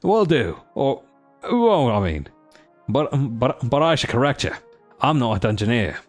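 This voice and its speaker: A man's voice: mid-range voice, big pitch swings, unhurried, soft background music. A man voicing a boastful, cheerful male dwarf historian in a put-on Australian accent that drifts toward Cockney, with a jaunty, theatrical delivery.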